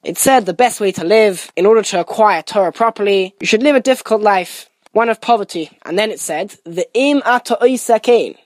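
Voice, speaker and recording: A woman's voice: mid-range voice, fairly quick, few pauses, no room sound. A woman teaching a Torah lesson, explaining a Mishnah and telling a parable in an earnest way. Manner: earnest explaining, Hebrew and Yiddish terms woven in. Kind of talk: recorded Torah lesson with storytelling.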